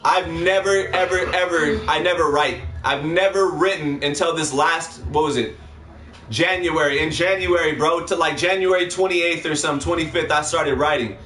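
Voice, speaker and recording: Slangy high-voiced man, echoey room. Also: normal speed, bright, forceful tone. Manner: swearing, slangy, laughs often. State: drinking while talking. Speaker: livestream co-host. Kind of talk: casual chat.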